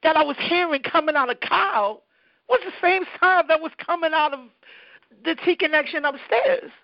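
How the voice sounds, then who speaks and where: Woman DJ guest, lively storyteller, lo-fi dry recording. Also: very high-pitched, a little fast, no echo. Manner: animated, acts out the people she quotes. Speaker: interview guest, DJ. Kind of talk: conversational storytelling.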